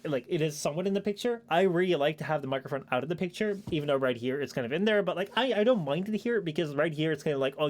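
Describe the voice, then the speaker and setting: Fast-talking young male streamer. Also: a little high. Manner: rambling, filler-heavy, swears casually. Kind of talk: casual chat stream. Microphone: shotgun microphone at a streaming desk.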